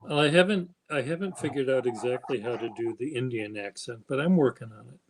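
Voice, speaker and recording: A man hosting a casual stream chat, speaking slowly and haltingly in a flat, even tone. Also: mid-range voice, a little hiss or hum, poor audio. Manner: slow, halting, self-described monotone. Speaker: stream host.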